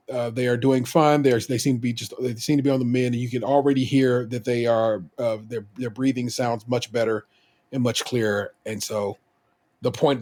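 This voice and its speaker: A middle-aged man co-hosts a podcast, his mid-range voice carrying a darkish tone. He tells family stories in a loose, rambling way, often restarting and swearing casually.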